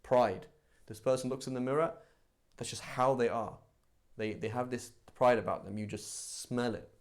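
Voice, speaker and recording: A man teaching a live religious class in a conversational, animated way, acting out everyday examples. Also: medium pitch, moderate pace. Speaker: Islamic teacher.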